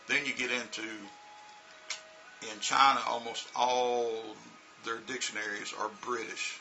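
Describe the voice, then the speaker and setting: A man's voice: fairly low pitch, vocal fry, bright, forceful tone, low-quality recording. A middle-aged American man talking casually as an English teacher in a vlog, demonstrating pronunciation with spoken examples. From United States. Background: background music.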